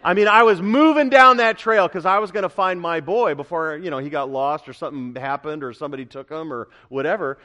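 A middle-aged man preaching a sermon as pastor, emphatic and building to loud repeated declarations. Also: fairly high pitch, brisk, few pauses.

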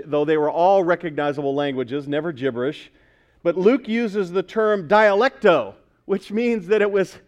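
A man's voice: high voice, muffled recording. A male pastor preaching a sermon in a conversational way, asking the congregation questions as he goes.

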